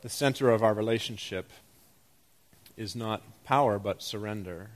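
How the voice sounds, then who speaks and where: A man preaching a sermon as a pastor, with an animated, self-deprecating delivery that moves between loud excitement and quiet emphasis. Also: on the low side, normal speed.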